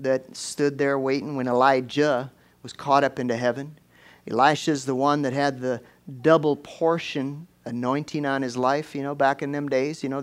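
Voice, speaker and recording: A man preaches in a folksy, conversational way, sprinkling his talk with "you know" as he explains the story. He swells into fervent, ringing declarations when he drives a point home. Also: medium pitch. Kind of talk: sermon.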